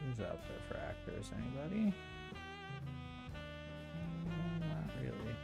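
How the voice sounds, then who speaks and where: A man streaming a game, giving relaxed, musing commentary and reacting aloud to what happens on screen. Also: medium pitch, a little slow, gravelly, music in the background. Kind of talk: casual gameplay commentary.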